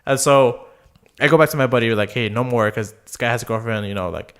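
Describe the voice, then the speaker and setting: A man's voice: mid-range voice, quick pace, a bit bright. A young man, casually telling rambling stories on a podcast, full of fillers and quoted voices. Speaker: podcast co-host. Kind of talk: casual storytelling chat.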